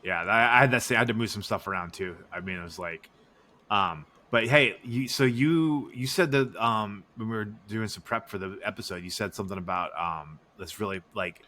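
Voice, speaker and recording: A man's voice: lowish voice, moderate pace, bright, forceful tone, slight background noise. A man hosting a casual gaming podcast, chatting in a joking, loose way with lots of restarts. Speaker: podcast host.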